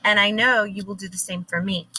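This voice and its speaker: A woman reading aloud as a badly wounded colonial captain, delivering his lines slowly, low and quiet. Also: steady tone, a little hiss or hum, natural voice, low-quality recording. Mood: weary.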